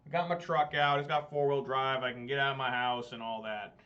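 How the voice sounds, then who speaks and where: A man's voice: medium pitch, steady tone, fairly quick, fairly bright tone. A married man streaming a card game, rambling and self-deprecating in casual gameplay commentary. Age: adult, married. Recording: dull lo-fi mic.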